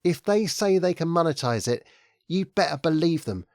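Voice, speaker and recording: A man voicing a frank young woman who is sceptical and teasing, speaking briskly in a raised voice. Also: sits low, expressive, a little mellow, no echo, studio quality, voice pushed up. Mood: wry. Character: wry, frank young British woman, Ben's partner.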